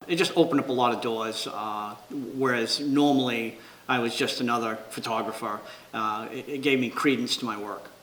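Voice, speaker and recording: A man's voice: mid-range voice, fairly even intonation, moderate pace, fairly bright tone. Storytelling man in a roomy space. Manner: rambling storyteller who acts out quoted dialogue. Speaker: news photographer. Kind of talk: documentary interview, recounting anecdotes. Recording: roomy echo.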